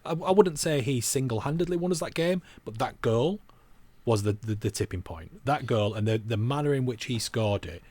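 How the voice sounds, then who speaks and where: A man's voice: medium pitch, animated, normal speed, a little mellow, no echo. A man co-hosting a football podcast, chatting casually and rambling with self-mocking asides. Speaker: podcast co-host.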